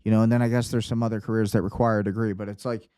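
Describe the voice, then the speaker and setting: A man's voice: fairly low pitch, level tone, rapid-fire, mellow, smooth, no echo, studio quality. A man hosting a casual commentary show, ranting bluntly with sarcasm. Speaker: host.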